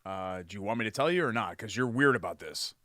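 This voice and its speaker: A man's voice: on the low side, animated, quick pace, bright, forceful tone, no room sound, studio quality. A man co-hosting a sports podcast, chatty and enthusiastic as he reads sponsor plugs. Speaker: podcast co-host. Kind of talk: casual sports chat.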